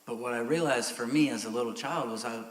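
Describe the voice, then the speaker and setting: A middle-aged man preaching a sermon as pastor, candid and growing loud and emphatic. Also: medium pitch, fast talker. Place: church sanctuary. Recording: echoey church hall.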